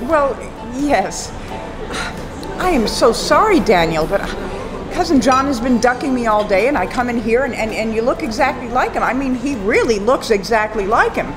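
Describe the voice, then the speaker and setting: A woman's voice: fairly high pitch, animated, over music, lightly acted. Woman playing a flustered city woman. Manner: flustered, quick to object. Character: excitable city woman, young adult. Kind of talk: radio soap acting.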